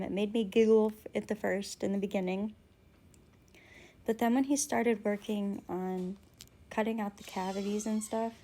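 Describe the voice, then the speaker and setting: A woman's voice: mid-range voice, gravelly, darkish tone. A young woman candidly telling a personal story in a vlog, with frequent ums and restarts. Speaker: vlogger.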